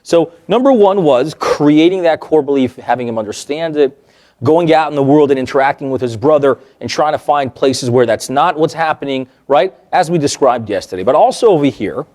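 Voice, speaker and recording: A man with a slightly high-pitched voice leads a therapy workshop, telling client stories with animation. He acts out what people said and keeps checking in with his listeners. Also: normal speed. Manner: animated, acts out quoted remarks, checks in with the audience. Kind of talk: lively workshop lecture told through client stories.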